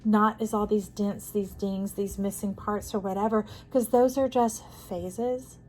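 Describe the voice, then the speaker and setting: A woman giving an intuitive tarot reading to camera. She talks soothingly, calls the listener "friend", and moves between soft hushes and emphatic bursts. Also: mid-range voice, steady tone, measured pace, slight background noise, low-quality recording. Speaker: tarot reader.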